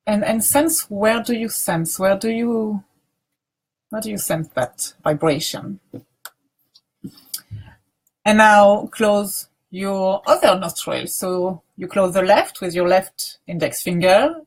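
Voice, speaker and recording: A woman teacher leading a guided grounding practice, speaking softly with many pauses and restarts. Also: medium pitch, slightly rough. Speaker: meditation teacher.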